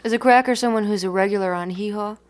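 A woman interviewing an author, asking brisk, direct questions. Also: medium pitch.

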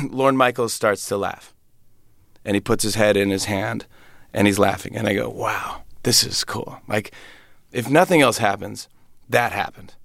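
A man's voice: fairly low pitch, gravelly, no room sound, studio quality. A man, a comedian and guest, telling stories animatedly with frequent stammers and restarts. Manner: animated, stammering storyteller who breaks into voices. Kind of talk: casual anecdote in an interview.

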